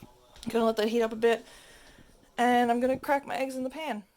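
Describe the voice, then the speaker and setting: A woman's voice: on the high side, fairly even intonation, fairly quick, a little mellow, poor audio. Woman, home kitchen, handheld camera, chatty, self-deprecating, faint frying noise. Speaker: home cooking vlogger. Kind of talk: casual cooking vlog narration.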